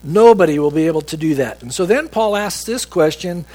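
A man with a high voice delivers a sermon as a pastor. He speaks with emphasis and slows down when he quotes scripture. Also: lively intonation, warm tone.

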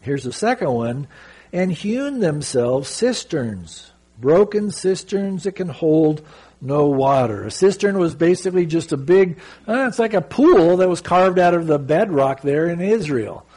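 A middle-aged man from Southern California preaching a sermon, reading scripture slowly and telling stories earnestly. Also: a little high, slightly rough. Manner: earnest, animated storytelling with slow scripture reading. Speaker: pastor.

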